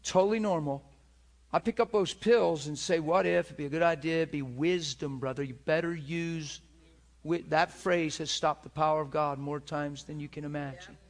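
A man's voice: on the high side, normal speed. A middle-aged man preaching a storytelling sermon, acting out voices and crying out in places. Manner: animated, acts out voices and cries out.

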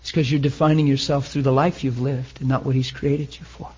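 A man preaching a sermon, emotional, swinging between loud and hushed. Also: mid-range voice, level tone, a little fast, breathy edge, lo-fi sound.

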